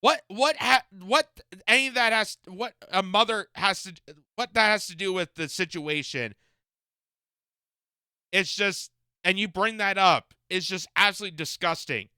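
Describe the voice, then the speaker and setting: A man's voice: high voice, normal speed, bright, forceful tone, clear, resonant tone, dry recording, clean studio sound. A man giving indignant, emphatic reaction commentary on a political interview clip.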